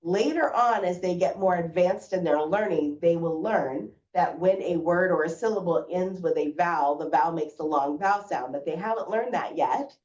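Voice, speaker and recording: A woman teacher explaining reading lessons to parents in a clear, patient way. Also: lowish voice, normal speed, hardly any pauses, darkish tone. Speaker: first grade teacher. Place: school room presenting to parents. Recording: roomy, distant, dull sound.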